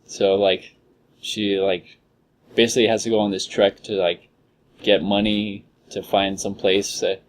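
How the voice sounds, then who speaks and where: A man's voice: lowish voice, level tone, unhurried. A young man co-hosting a podcast in casual chat, retelling a story in a rambling way full of "like" and "uh". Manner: rambling retelling, heavy use of "like" and "uh". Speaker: podcast co-host.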